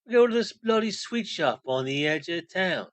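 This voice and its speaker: A man voicing a boastful, unflappable middle-aged British rock roadie who tells wild tales in a deadpan way. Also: on the high side, moderate pace, dry recording, pitched above the performer's own voice, natural voice. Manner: deadpan tall-tale telling.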